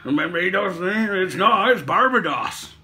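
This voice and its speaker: Bright high-voiced man rambling comically. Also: animated, measured pace. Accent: mix of Cockney and Somerset. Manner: rambling, self-correcting, swearing, laughing at own jokes. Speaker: comic puppet show host. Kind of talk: rambling comic storytelling in character.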